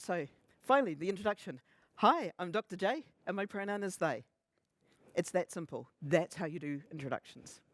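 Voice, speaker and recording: Animated, humorous man giving a conference talk. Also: fairly high pitch, dry recording. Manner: humorous, animated, acts out quoted remarks. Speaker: conference speaker. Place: conference stage.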